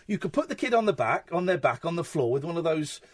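Excitable radio host guy, high and swoopy, dry close studio mic. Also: fast talker, dry recording. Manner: animated, warm and emotional, swings in pitch. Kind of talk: late-night radio phone-in. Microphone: studio microphone.

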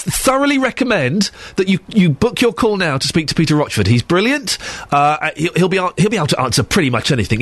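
A man's voice: fairly high pitch, a bit bright, breathy edge, no room sound. A man filling in as a radio presenter, chatty and joking at his own expense, sounding a bit bunged up, speaking into a studio microphone. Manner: chatty, joking, self-deprecating. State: congested, bunged up. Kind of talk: casual radio links.

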